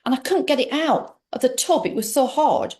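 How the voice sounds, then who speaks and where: A woman's voice: high-pitched, moderate pace, darkish tone. A middle-aged woman telling a personal story to an interviewer in a rambling, emphatic way, full of restarts. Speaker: interview guest. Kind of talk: personal story told in conversation.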